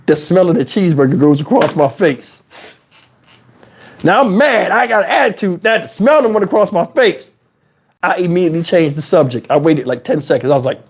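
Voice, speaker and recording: Animated, high-voiced man telling a story. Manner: animated, profane, conversational. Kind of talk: casual storytelling.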